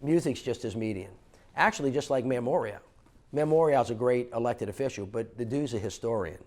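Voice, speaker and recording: A middle-aged man from New Orleans, a former mayor, telling an animated story on stage at a fundraiser and acting out the dialogue. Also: medium pitch, fairly quick. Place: stage conversation at an indoor fundraiser.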